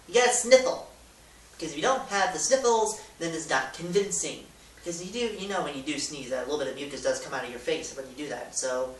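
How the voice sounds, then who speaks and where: Goofy man, echoey and distant. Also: on the high side. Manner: goofy, rambling, loud demonstrations. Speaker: YouTuber. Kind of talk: casual how-to vlog. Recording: echoey room, distant mic, hiss.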